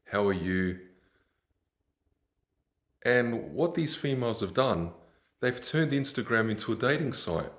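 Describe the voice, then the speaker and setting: A man's voice: mid-range voice, expressive, moderate pace, fairly bright tone, roomy sound. A man hosting his own podcast, ranting in a casual, exasperated, mocking way and laughing at his own stories. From Australia. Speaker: podcast host.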